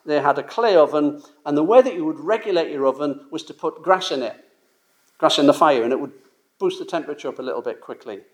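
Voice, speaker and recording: Emphatic preacher, fairly high voice. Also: male voice, a little mellow. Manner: emphatic, rhetorical questions, conversational asides. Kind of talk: sermon.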